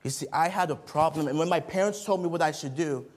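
A young man giving a lively children's sermon, telling Bible stories and asking the kids questions. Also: on the high side, fast talker.

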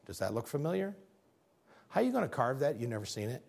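A man giving an animated faith talk over slides, asking rhetorical questions and pressing his points with emphasis, now and then stumbling over his words. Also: mid-range voice, fast, gravelly. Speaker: speaker presenting slides.

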